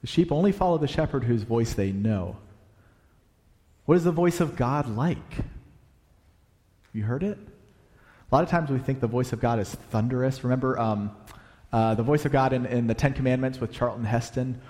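A man preaching a sermon, animated, swinging between loud emphasis and hushed, quiet passages. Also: mid-range voice, moderate pace, long pauses. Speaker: pastor. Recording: long hall reverb.

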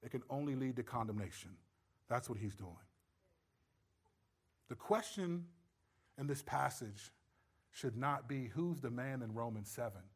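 A man preaching a sermon, stressing points loudly and then dropping to low, quiet asides. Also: expressive, unhurried, long pauses, breathy edge. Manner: emphatic, swings between loud stresses and low quiet asides. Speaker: pastor.

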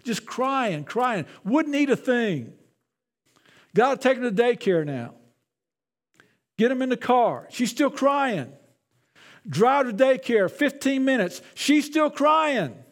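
A man's voice: very high voice, big pitch swings, slow pace, long pauses. A man, a pastor, preaching a sermon in a conversational way, often repeating his words.

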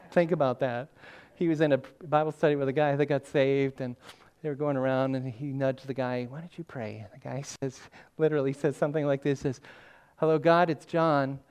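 A man's voice: mid-range voice, steady tone, normal speed, darkish tone, smooth. Older male pastor, sermon, chatty storyteller who laughs at himself. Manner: conversational storytelling, self-deprecating humor.

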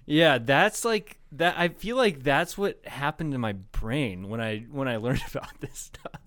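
A man's voice: medium pitch, animated, unhurried, a bit bright. A man co-hosting a podcast, telling rambling stories in casual chat, swearing and laughing often. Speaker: podcast co-host.

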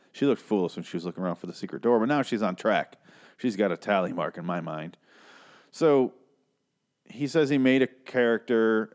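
A man's voice: on the low side, a little mellow. A man casually recapping a TV episode, rambling, joking and swearing as he goes. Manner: rambling, profane, restarts a lot, jokey.

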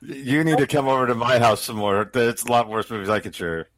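A man's voice: mid-range voice, a little fast, a bit bright. A man in casual chat, throwing in wry, sarcastic quips.

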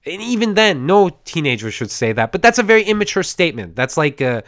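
A man's voice: on the high side, sing-song, brisk, a bit bright, no echo. Man, podcast host, rambling movie recap, stammering restarts, slightly scratchy throat, dry close sound. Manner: digressive, stammering, acts out characters' lines.

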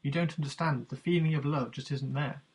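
Anxious married man seeking advice, read by a man narrator. Raspy, husky. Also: on the high side, steady tone, fairly quick, darkish tone. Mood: insistent. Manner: worried, pleading. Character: worried married man at a seminar.

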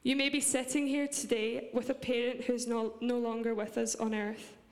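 A young woman with a Scottish accent speaks earnestly from a church stage, her voice sitting a little high. The sound rings with the long reverb of a large hall. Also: little pitch movement, normal speed. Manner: earnest and heartfelt, with light laughs. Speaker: preacher. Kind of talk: church sermon.

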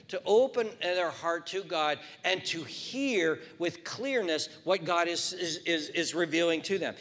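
A male pastor delivering an impassioned sermon to a seated congregation, dropping to hushed appeals. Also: on the high side, unhurried, hardly any pauses. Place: church hall before a seated congregation. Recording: long hall reverb.

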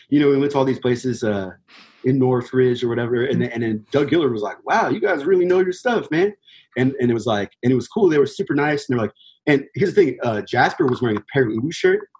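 Husky laid-back young man. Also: medium pitch, darkish tone, low-quality recording. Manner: laid-back, rambling, heavy fillers, swears freely. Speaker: touring band musician. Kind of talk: casual storytelling.

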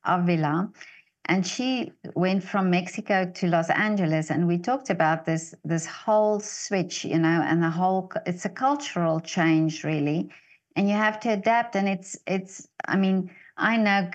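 Halting woman interviewer. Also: lowish voice. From South Africa. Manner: halting, many restarts. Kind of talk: casual interview.

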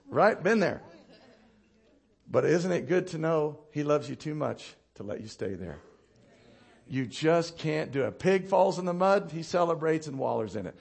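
Animated male pastor preaching a sermon. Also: normal speed, creaky, slightly rough. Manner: animated storytelling, laughing at his own anecdotes; drops low and quiet to land points.

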